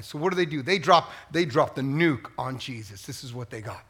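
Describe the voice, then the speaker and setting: A middle-aged man preaching a sermon as pastor, animated and swinging from hushed lines to near yelling. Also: medium pitch, a little fast, breathy edge.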